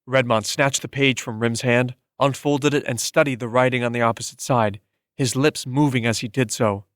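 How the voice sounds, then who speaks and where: A male narrator reads an audiobook in a steady, measured way. His voice sits in a middle pitch. The recording is dry and close, with no room sound. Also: no room sound. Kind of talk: scripted narration.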